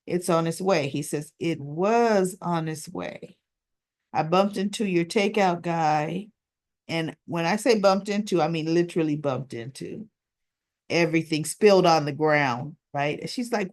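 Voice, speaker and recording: Slow, chatty woman recapping soap scenes. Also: mid-range voice. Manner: chatty retelling of scenes, frequent "right?" and "she goes". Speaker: soap opera recap vlogger. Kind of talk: casual recap chat.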